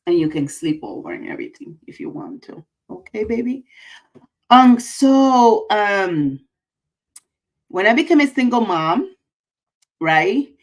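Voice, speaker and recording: A woman's voice: medium pitch, sing-song, unhurried, pauses often, poor audio. A woman hosting a casual livestream, effusive and emotional, repeating her greetings. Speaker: livestream host.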